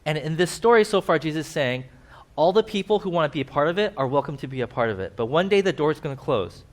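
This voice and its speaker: Animated man preaching a sermon. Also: fast talker. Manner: animated, acts out quoted characters with sudden pitch jumps. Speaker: pastor. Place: church.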